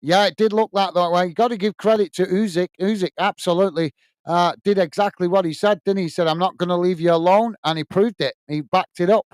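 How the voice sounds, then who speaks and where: High, smooth-voiced man hosting. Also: fairly even intonation, fast, no room sound. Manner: chatty, reads viewer comments aloud and answers them; blunt and opinionated. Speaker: host. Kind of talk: live football watch-along chat.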